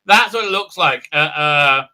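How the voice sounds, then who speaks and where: A man's voice: a little high, lively intonation, a little slow, sharp tone. A man hosting a livestream who recaps a show casually, rambling with many fillers and jumping into silly voices. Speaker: host of a fan commentary livestream. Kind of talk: casual recap with mocking impressions.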